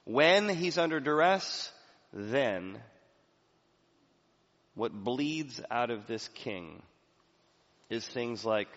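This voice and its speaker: A male pastor preaching a sermon in a church, swinging from soft, low passages to loud, emphatic ones. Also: lively intonation, very slow, long pauses. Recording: reverberant hall, slightly dull sound.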